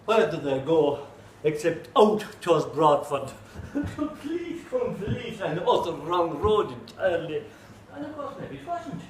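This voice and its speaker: A man with an Irish accent telling a folk tale live in an animated way, full of comic asides. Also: sits high, unhurried, few pauses, echoey room, crowd noise, low-quality recording. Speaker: storyteller.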